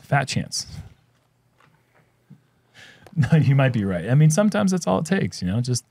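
A man doing casual sports commentary, easygoing and quick to laugh as he banters with his co-host. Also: mid-range voice, sing-song, creaky, darkish tone. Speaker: disc golf commentator.

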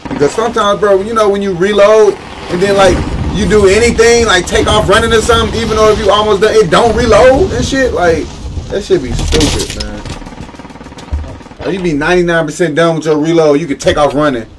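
A man chatting casually while playing a video game, excitable and ranting in slangy, profane complaints. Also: high-pitched, brisk. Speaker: gamer. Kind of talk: casual gameplay chat. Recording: noisy game and vehicle sounds behind.

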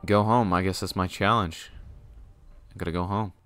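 A young man streaming a game, giving casual running commentary that jumps between muttered asides and loud yelps. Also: low voice, moderate pace, clear, resonant tone, no echo. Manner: excitable, swings from mumbling asides to loud yelps and laughter. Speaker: gaming streamer. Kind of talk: casual let's-play commentary.

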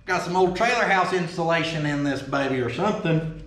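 A folksy, excitable man with a drawl, chatting casually and cussing easily as he opens fan mail. His voice sits high for a man. The sound bounces around a roomy workshop. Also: fairly quick. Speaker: vlog host opening fan mail. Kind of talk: casual chat. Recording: roomy echo.

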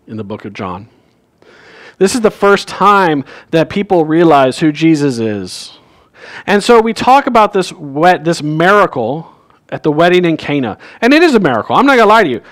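Man, pastor, high voice, conversational sermon, church. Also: very animated, moderate pace, fairly bright tone. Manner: conversational storytelling, acts out quoted lines. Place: church sanctuary.

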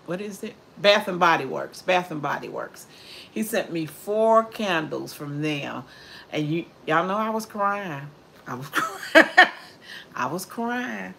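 A woman's voice: fairly low pitch, fairly bright tone. An older woman chatting casually on her cooking livestream, heartfelt and reading out viewer comments. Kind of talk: casual chat.

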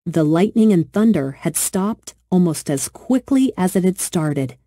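A woman narrating a children's storybook with gentle, expressive storytelling. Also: fairly low pitch, unhurried, dry recording, clean studio sound.

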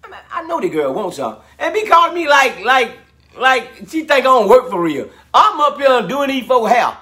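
Brief: lively man, high voice with wide swings, playful banter as co-host. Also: moderate pace. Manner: animated, joking, Southern US vernacular. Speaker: co-host, husband. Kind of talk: casual banter.

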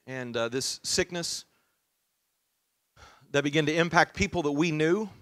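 A male pastor preaching a sermon in an easygoing, story-driven style, full of "uh"s and restarts. His voice sits a little high. The sound is dry and close, with no room echo. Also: a bit bright. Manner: conversational storytelling with many fillers.

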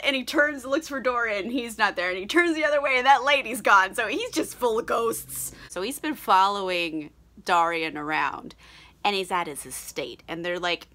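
Tipsy woman reviewing a book, bright and sweary, laughing a lot. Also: mid-range voice, animated, moderate pace. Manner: chatty, laughing, lots of swearing and "like". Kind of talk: casual book recap.

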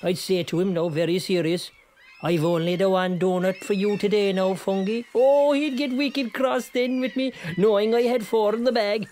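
Lightly acted, this medium-pitched voice is steady, a little mellow, and moves at normal speed, with a faint hiss or hum in the background. The speaker plays a bragging Kerry fisherman for laughs, rambling through tall tales in a relaxed, talkative way and breaking into song.

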